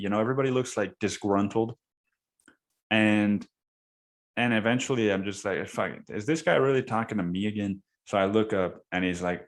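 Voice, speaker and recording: A young man hosting a podcast, telling a story in casual chat, swearing a lot and calling the listener dude and man, and acting out quoted people with sudden high yells. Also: normal speed. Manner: profane, slangy, says dude and man a lot; acts out quoted voices with sudden high yelling. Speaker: podcast host.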